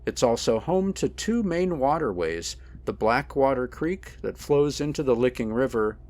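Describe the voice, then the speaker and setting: A man reading documentary narration in a steady, measured voice. His pitch sits in the middle of the usual male range. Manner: measured, steady voice-over delivery. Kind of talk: scripted narration.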